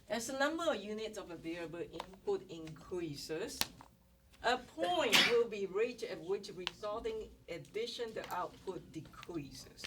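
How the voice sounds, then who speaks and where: Woman teacher, classroom lecture, heard from a distance, noisy recording with clicks, explains patiently. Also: lowish voice. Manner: explains step by step with rhetorical questions. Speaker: economics instructor. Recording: distant mic with noise and clicks.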